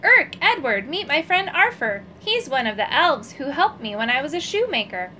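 Lady reading as a happy bumbling wizard, high and excited, storybook. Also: moderate pace, a little hiss or hum, full character voice. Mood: delighted. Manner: excited, exclamatory. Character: kindly bumbling male wizard, cheerful.

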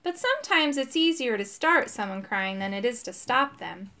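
A woman narrating a children's chapter book aloud, expressive and voicing the characters. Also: a little high, normal speed. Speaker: audiobook narrator. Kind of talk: children's audiobook reading.

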